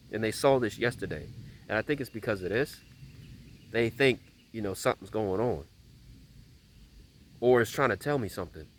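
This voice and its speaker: A man's voice: mid-range voice, slight background noise. A man telling a story in a casual vlog from a small bridge outdoors, rambling and emphatic, repeating himself often. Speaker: vlogger.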